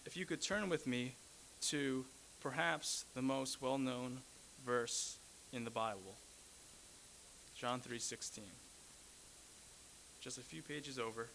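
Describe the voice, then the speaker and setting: Bright-voiced male preacher, earnest sermon. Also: medium pitch, takes it slowly, creaky, pauses often, a little hiss or hum, rough recording. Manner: earnest teaching, repeats key phrases, self-corrects.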